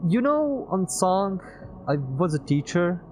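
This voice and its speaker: A man's voice: sits high, sing-song, takes it slowly, darkish tone, pitched above the performer's own voice, full character voice, poor audio. Man voicing grieving former teacher, game character, earnest, raised voice, music behind. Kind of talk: reading game dialogue aloud.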